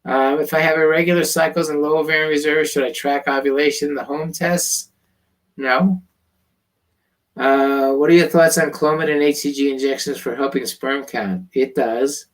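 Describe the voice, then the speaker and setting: A slightly hoarse male doctor who reads out viewer questions in a live online Q&A and answers them bluntly, with many ums and uhs. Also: on the high side, steady tone, moderate pace. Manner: loose, with frequent ums and uhs. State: slightly hoarse, losing his voice. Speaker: fertility doctor.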